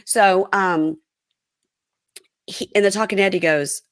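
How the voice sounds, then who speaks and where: A woman's voice: mid-range voice, slow, long pauses, no echo, studio quality. A woman hosting a casual podcast chat, retelling reality show scenes and quoting the people in them. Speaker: podcast host.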